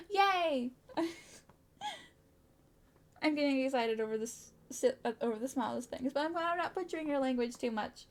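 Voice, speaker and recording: Woman streamer, casual chat, a touch high-pitched, bubbly and giggly, stumbles over words. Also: expressive, normal speed, pauses often.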